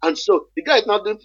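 Man, husky and slightly high, earnest emphatic talker, dry dull lo-fi sound. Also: fairly bright tone, no echo. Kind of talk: conversational discussion.

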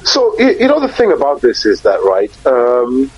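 Husky man, emphatic, lo-fi. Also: medium pitch, wildly swooping pitch, normal speed, no echo. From Nigeria. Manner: emphatic, repeats words while searching for them. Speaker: broadcaster and conference moderator. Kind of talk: casual interview talk. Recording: husky voice on dull lo-fi audio.

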